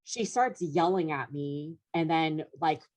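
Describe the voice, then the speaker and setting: A woman's voice: low voice, slow pace, darkish tone. A young woman, a comedian guest, telling a story in casual chat, rambling with lots of fillers and laughing through it.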